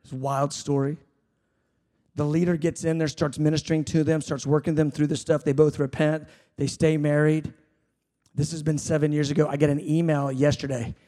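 A man preaching a sermon, swinging between fervent shouted appeals and hushed, conversational storytelling. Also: fairly high pitch, level tone, moderate pace. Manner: conversational, self-deprecating anecdotes.

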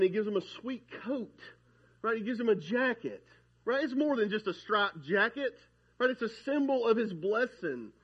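A husky-voiced man delivers a sermon. His voice sits a little high, and he preaches in a conversational, animated way, with a chatty back-and-forth feel. The recording is slightly dull and lo-fi. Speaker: pastor.

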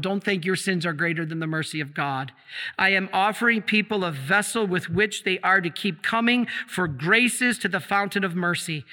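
A man preaching a sermon as a priest, asking the congregation questions and answering them himself, slowing and dropping low for emphasis. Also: sharp tone. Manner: slows down and drops low for emphasis. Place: church. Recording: long echo of a church hall.

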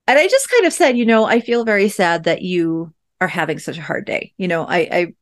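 A woman in her thirties hosting a podcast, telling a personal parenting story in a chatty, reflective way with many fillers. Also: sits low. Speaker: podcast host and parent coach. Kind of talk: casual storytelling monologue.

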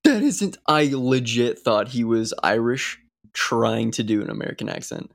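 Brief: young male podcast co-host, gravelly, rambling, fillers galore. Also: mid-range voice, very animated, normal speed, dry recording, studio quality. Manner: rambling, many fillers and restarts. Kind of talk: casual chat.

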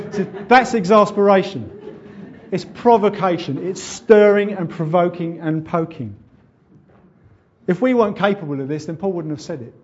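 Male pastor, sermon, fairly high voice, husky, conversational, dull recording. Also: moderate pace. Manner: earnest, conversational preaching with acted-out jokes.

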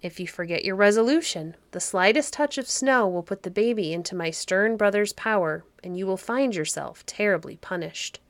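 A woman's voice: medium pitch, moderate pace, hardly any pauses, no room sound, lightly acted. A woman reading aloud, voicing a fairy who gives a solemn warning in a storybook. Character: warning summer fairy, female.

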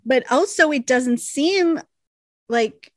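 A woman chatting on a podcast, walking her co-host through a TV episode scene by scene. Her voice sits somewhat high. The sound is dry and close to the microphone. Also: slow pace, no room sound. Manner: animated retelling, quoting characters in voices. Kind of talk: casual chat. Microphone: desk microphone.

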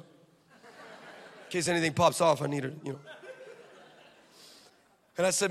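A male pastor preaching a lively, storytelling sermon that swings between loud declarations and quiet asides, heard in an echoey hall. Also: fairly high pitch, unhurried, vocal fry, pauses often.

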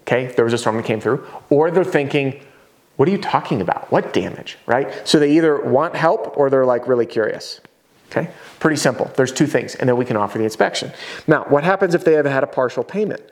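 A man in his thirties teaching a roofing sales lesson at a whiteboard, talking energetically and sometimes acting out homeowners in quick voices. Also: medium pitch.

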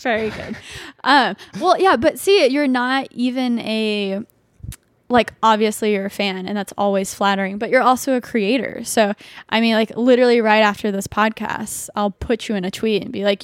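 A young adult woman chatting casually as a podcast guest, full of filler words and lively asides. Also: fairly high pitch, moderate pace, dry recording. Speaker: podcast guest and video creator. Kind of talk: casual conversational chat.

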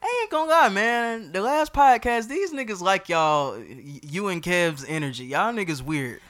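Man, podcast host, bright crisp voice, hyped and slangy, casual chat. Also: sits high, expressive, moderate pace. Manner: hyped, loud and slangy, says he is tired.

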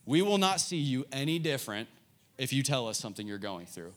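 An earnest young man preaching to a youth group, mid-range in pitch. He tells a personal story openly and directly, speaking straight to his listeners. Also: big pitch swings, a little fast. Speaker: youth pastor. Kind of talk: sermon.

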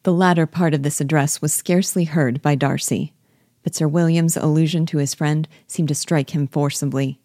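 A woman with a low, mellow voice reads a classic novel aloud, measured and even. The sound is close and dry. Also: dry recording. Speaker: book reader.

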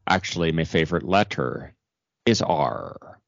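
A man's voice: extremely low pitch, animated, measured pace, creaky, no echo, muffled recording, exaggerated voice. A man putting on a playful pirate voice, rolling his Rs with a growl. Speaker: podcast host.

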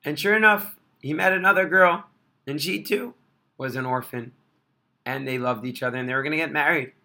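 A man telling an inspirational religious story in an animated, expressive way. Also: on the high side, a little fast.

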